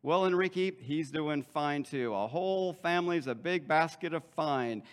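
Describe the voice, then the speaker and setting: Male pastor doing a gossipy church lady: chirpy, slightly high, overly upbeat small talk. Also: expressive, normal speed, clear, resonant tone, in a large hall, close to an everyday voice. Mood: breezy. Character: chatty churchgoing woman, cheerful, gossipy.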